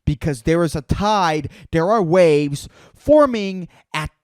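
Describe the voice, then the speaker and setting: A man imitating an adult local who gives an earnest, slow warning. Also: on the high side, expressive, darkish tone, clear, resonant tone, no room sound, studio quality.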